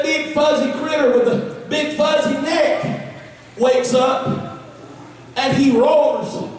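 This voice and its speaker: Lady preacher shouting, really high voice, big echoey church, sounds far off. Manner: hollering, fervent, folksy. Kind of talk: shouted Pentecostal sermon. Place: large church sanctuary.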